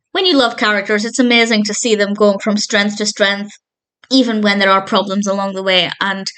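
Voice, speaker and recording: In a mid-range, fairly bright voice, a woman film and TV reviewer casually walks through a TV episode's scenes. Her commentary is thoughtful and enthusiastic, with small self-corrections here and there.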